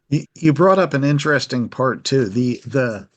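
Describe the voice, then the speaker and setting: Man in a halting casual chat. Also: medium pitch, expressive. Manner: halting, repeats words.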